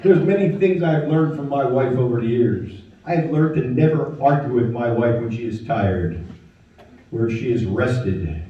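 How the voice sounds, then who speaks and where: A man in his fifties doing a stand-up comedy set in a lodge hall, delivering deadpan one-liners with quick asides. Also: medium pitch. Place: lodge hall with live audience. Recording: muffled, echoey hall, mic far off, crowd laughing.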